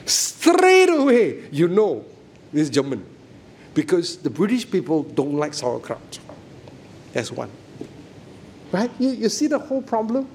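A man's voice: high voice, sing-song, a little slow, pauses often, mellow, a little hiss or hum. A middle-aged man preaching a sermon, emphatic and often checking that listeners follow him.

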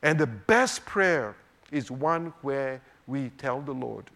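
A man teaching a sermon on the Psalms, swinging between emphatic rhetorical questions and hushed, quiet moments. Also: medium pitch, expressive, takes it slowly, gravelly. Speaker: preacher.

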